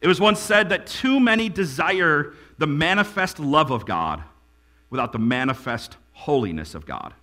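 A male pastor preaches with a high, lively voice that swoops widely across his range. His tone is bright and ringing. He builds to emphatic peaks, then drops to quiet lines, over a faint mains hum. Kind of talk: sermon.

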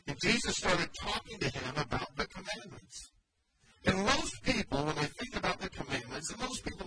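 Man preaching over loud background noise. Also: on the high side. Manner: conversational, acts out quoted voices. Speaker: pastor. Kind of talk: sermon. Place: church.

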